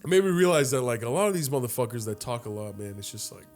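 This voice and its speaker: With a mid-range voice and a fast delivery, the podcast co-host, a man in his late twenties, spins a story in loose chat as soft music plays behind him. He curses freely, stays animated and performs other people's voices.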